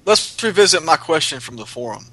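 A man's voice: on the high side, expressive, a little fast, a bit bright, slightly rough, no echo, rough recording. A man pressing questions as a panelist in a debate, insistent and persistent.

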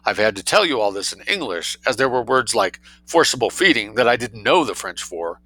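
A man narrating a story aloud in a wry, lively reading voice, adding his own commentary. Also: lowish voice, fairly quick, low-quality recording. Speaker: reader and commentator.

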